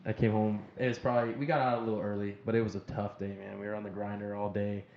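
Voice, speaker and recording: A man co-hosting a firefighter podcast, telling an animated story in casual chat. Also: on the low side, fast talker. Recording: slightly dull sound with faint noise.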